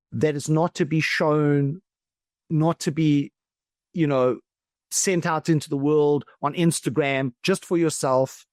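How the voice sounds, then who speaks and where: A man from South Africa speaks as a podcast guest, thoughtful and reflective, often slowing right down and drawing out his words. His voice sits fairly high for a man. The recording is close and dry. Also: darkish tone, dry recording. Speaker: podcast guest, philosophical coach. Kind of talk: reflective conversational talk.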